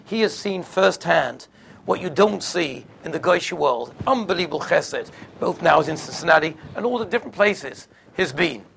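A man's voice: fairly high pitch, expressive, moderate pace, creaky, a bit bright, a little hiss or hum. A man giving a sermon, telling stories in a conversational way. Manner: conversational, sprinkles in Yiddish and Hebrew terms. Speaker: religious speaker. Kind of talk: storytelling sermon.

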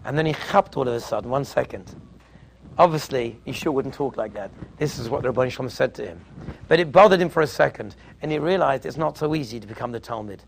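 A man giving a Torah lecture as a teacher, an emphatic and animated storyteller. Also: medium pitch, fast talker, gravelly, a little hiss or hum.

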